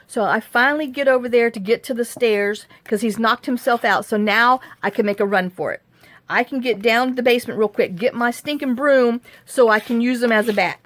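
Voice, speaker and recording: A woman telling a story in a casual vlog, animated and acting out the quotes. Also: a little high, a little fast, no room sound. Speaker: crafting vlogger.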